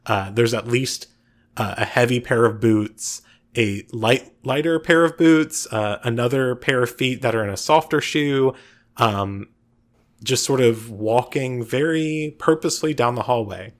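A man narrating as game master of a tabletop game, relaxed and filling pauses with uh and um. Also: mid-range voice. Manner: relaxed, frequent uh and um fillers.

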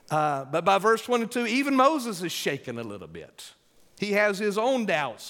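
A male pastor preaching a sermon with emphatic, drawn-out delivery, calling for responses from the congregation. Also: high-pitched, very animated, fairly bright tone. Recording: long hall reverb.

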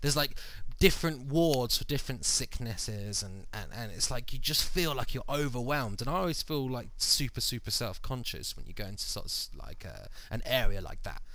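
A man's voice: mid-range voice, lively intonation, normal speed, hardly any pauses, pushed and bright, no room sound. A man hosting a podcast, telling a long story casually with many fillers and acted-out quotes. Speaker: podcast host. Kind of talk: casual chat.

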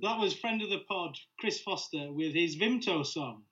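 A man's voice: high voice, animated, normal speed, a bit bright, faint music behind. A man co-hosting a podcast in casual chat, hesitant and full of fillers. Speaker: podcast co-host. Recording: dull lo-fi sound.

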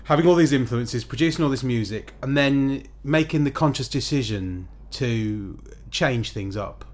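A man hosting a podcast, with a voice of ordinary middle pitch. His questions ramble as he works out what he wants to ask, in a relaxed, conversational way. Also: normal speed. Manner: rambling, thinks aloud while framing questions. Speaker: podcast host. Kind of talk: casual interview questions.

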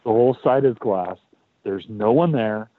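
A man's voice: on the low side, normal speed, no echo. Chatty man on a tinny line. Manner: animated, repeats words, swears. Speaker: podcast host. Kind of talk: casual storytelling. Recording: tinny phone-like dry sound.

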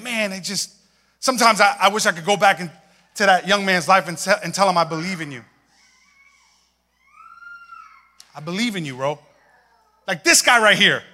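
A young man preaching a sermon, telling stories in an animated way and acting out voices. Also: sits high. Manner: animated storytelling, acts out voices and laughs. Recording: hall reverb.

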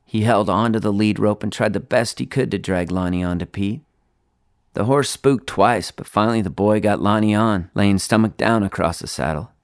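A man reading his own short story aloud in a quiet, plain, unhurried manner, spoken-word style. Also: on the low side, no echo, studio quality.

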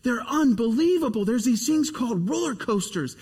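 High-voiced animated preacher man. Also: moderate pace, husky, long reverb tail. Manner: animated storytelling, repetitive and emphatic. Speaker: pastor. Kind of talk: sermon.

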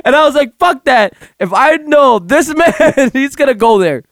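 A man's voice: extremely high pitch, animated, moderate pace. A man casually telling a rambling, profane story to a friend and laughing through much of it. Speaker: storyteller recounting a game session. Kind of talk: casual chat.

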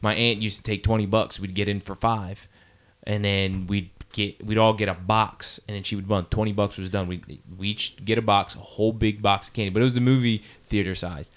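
Man, low voice, casual chat, quick interjector. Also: steady tone. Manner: quick interjections and pointed questions.

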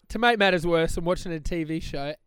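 A man's voice: fairly high pitch, moderate pace, a bit bright, smooth, dry recording, clean studio sound. A young adult man telling a story on a podcast, laughing often and acting out the voices he quotes. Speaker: podcast co-host. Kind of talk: casual storytelling chat.

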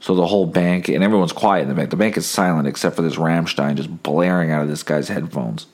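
A man's voice: sits low, fast talker, darkish tone. A sick young man hosting a casual solo podcast, telling wry, rambling stories while holding back coughs. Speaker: podcast host.

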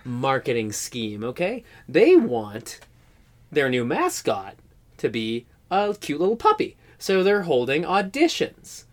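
Animated man pitching a silly scene. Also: takes it slowly. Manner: animated storytelling, jumps into shouted put-on voices. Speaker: podcast co-host pitching a scene. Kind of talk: improv comedy pitch, casual banter.

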